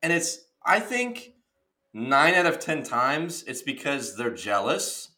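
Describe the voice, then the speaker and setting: A man's voice: mid-range voice, slow pace. A young man from the Midwest, chatting casually and jokingly on a podcast. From American Midwest. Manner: excitable, jokey, says dude a lot.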